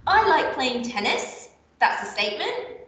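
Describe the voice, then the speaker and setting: Lady teacher doing a remote lesson, patient clear explaining, echoey room, mic kinda far off. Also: sits high, big pitch swings, unhurried, fairly bright tone. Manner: clear, patient explaining with playful example voices. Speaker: primary school teacher. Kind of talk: recorded remote literacy lesson.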